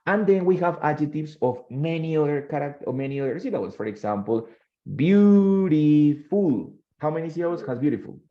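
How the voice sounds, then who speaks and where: A man's voice: a little high, fast talker, hardly any pauses, dark tone, highs cut off. A male English teacher, giving a bilingual classroom lesson and quizzing his students. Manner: switches between English and Spanish, quizzes students.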